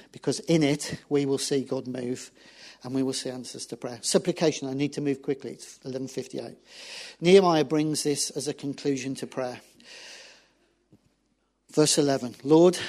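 A man's voice: a little high, a little mellow. A man, a pastor preaching a sermon and acting out biblical dialogue as he tells the story.

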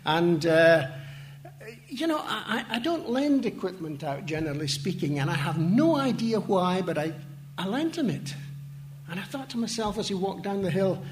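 A man's voice: high-pitched, very animated, normal speed, a little hiss or hum. A man giving an earnest testimony talk as a missionary, telling stories with many hesitations and wry asides. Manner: earnest storytelling with hesitations and self-deprecating asides. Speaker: missionary speaker.

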